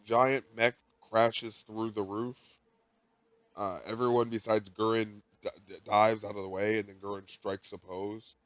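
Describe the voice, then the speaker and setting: A man with a bright, forceful voice co-hosts a casual podcast, recapping an episode in a rambling, animated way. The mic is close and dry, with no room sound. He jumps into character quotes now and then. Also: lowish voice, unhurried, no room sound. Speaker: podcast co-host.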